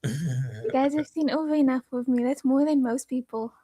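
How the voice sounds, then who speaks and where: A woman's voice: high-pitched, big pitch swings, moderate pace, a loud crowd. A young woman guest on a gaming podcast, a pro player chatting in a giggly, chatty way. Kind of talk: casual interview chat.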